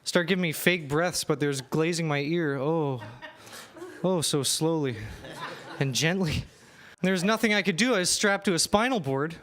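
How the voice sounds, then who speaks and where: A man's voice: on the high side, moderate pace, a bit bright. A young man doing a self-deprecating stand-up set and emceeing, laughing through his lines, on a comedy club stage.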